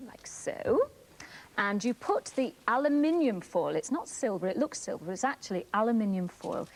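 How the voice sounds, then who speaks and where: Welsh female presenter, animated, clear step-by-step kids' TV demo voice. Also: medium pitch, normal speed, rough recording. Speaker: co-presenter demonstrating a science trick. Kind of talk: children's TV demonstration.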